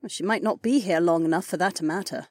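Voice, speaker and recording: A man reading an audiobook, voicing a brisk, practical young woman soldier with a clipped, matter-of-fact delivery. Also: high-pitched, darkish tone, no echo, studio quality, pitched above the performer's own voice.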